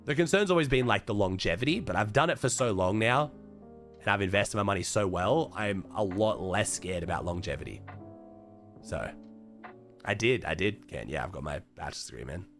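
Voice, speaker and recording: A young Australian man streaming and chatting to viewers, hoarse and thick-voiced from a chest infection, talking loosely with lots of swearing and trailing off into quieter mumbles. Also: lowish voice, lively intonation, a little fast. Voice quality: thick and raspy. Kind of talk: casual livestream chat. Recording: faint music playing behind.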